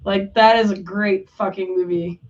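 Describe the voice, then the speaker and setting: A woman's voice: medium pitch, steady tone, normal speed, a little mellow. A woman co-hosting a live stream, chatting casually, swearing freely and filling her talk with "like". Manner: chatty, swears, lots of "like" fillers. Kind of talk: casual chat. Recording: distant, dull lo-fi mic.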